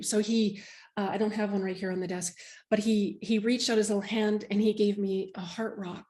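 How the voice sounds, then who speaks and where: A woman's voice: medium pitch, steady tone, normal speed, a little mellow. A woman guest, a medium, telling an emotional personal story in an interview, heartfelt and earnest with many restarts.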